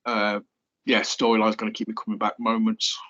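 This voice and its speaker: A man's voice: on the low side, monotone, brisk, fairly bright tone, dull audio. Chatty man rambling about wrestling shows. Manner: rambling, filler-heavy, chatty. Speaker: podcast co-host. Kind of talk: casual chat.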